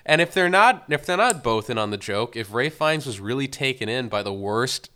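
A man's voice: medium pitch, expressive, moderate pace, bright, forceful tone, clean tone. A man co-hosting a podcast, casually reviewing a film and retelling scenes with exasperated, acted-out quotes. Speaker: podcast co-host.

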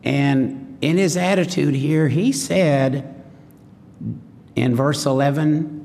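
A man's voice: on the high side, takes it slowly, vocal fry, a little mellow, in a large hall. A man preaching a sermon in a folksy way, often asking the congregation questions.

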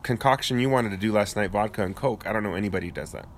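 A man with a lowish voice talking in relaxed casual chat, dry and a little rambling. He sits outdoors on a porch swing, with faint ambient noise around him. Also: racing. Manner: laid-back, dry humor, rambling with fillers. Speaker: podcast co-host.

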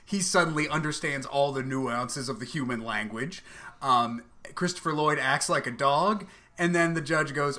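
A man co-hosting a podcast in casual comedic chat, animated and profane, laughing often. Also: on the high side, normal speed. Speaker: podcast co-host.

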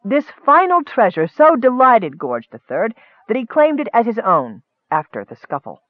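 A man narrating a comic fantasy story in a lively storytelling manner. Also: very high-pitched, normal speed, dry recording, narrow, tinny audio. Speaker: audiobook narrator. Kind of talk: scripted narration.

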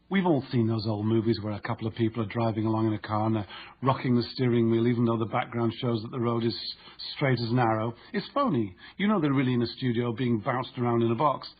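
A man narrating an instructive audiobook in a steady, explanatory way. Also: medium pitch, breathy edge, dull audio.

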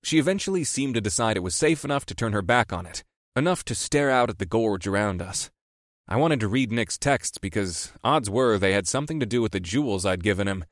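A man's voice: fairly low pitch, expressive, a little fast, no room sound, studio quality. A man narrating a first-person audiobook in a wry, easygoing storytelling manner.

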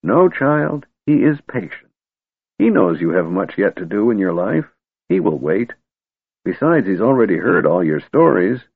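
A man voicing a kindly old wizard who is secretly a god, speaking slowly and gently. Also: deep voice, big pitch swings, breathy edge, no echo, heavily acted. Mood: tender. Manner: slow, gentle and soothing. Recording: tinny, phone-like and dry.

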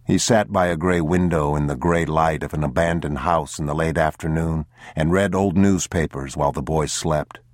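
Male audiobook narrator, very deep and unhurried, somber, dry close-mic sound. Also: fairly even intonation, dry recording. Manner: measured and somber. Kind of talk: scripted literary narration.

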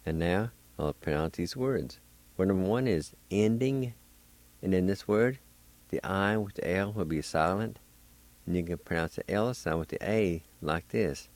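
A man with a very deep voice hosts a radio language lesson at an unhurried pace. He spells each word out letter by letter and says it several times so listeners can follow. The sound is close and dry. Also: darkish tone, no echo. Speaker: radio host teaching Cherokee words.

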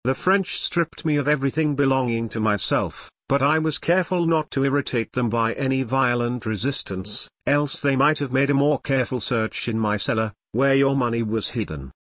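A man reading the lines of a shrewd, calm older banker in a measured, courteous way. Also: medium pitch, no echo, natural voice. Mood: respectful.

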